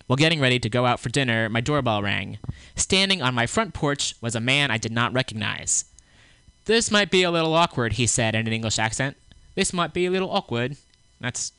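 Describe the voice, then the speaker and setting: A man hosts a small radio show, reading the news and a long statement aloud while breaking off for blunt opinions. His voice is bright and crisp, and it sounds dry and close to a studio microphone. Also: mid-range voice, no echo. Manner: reads a statement aloud with halting restarts.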